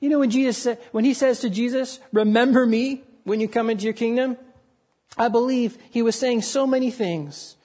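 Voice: medium pitch, normal speed, darkish tone. Earnest preacher delivering an evening sermon. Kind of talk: sermon to a congregation.

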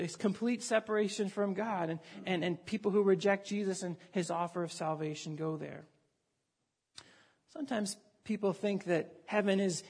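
A male pastor preaching a sermon in an animated, conversational way, often restarting his sentences. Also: high-pitched, breathy edge.

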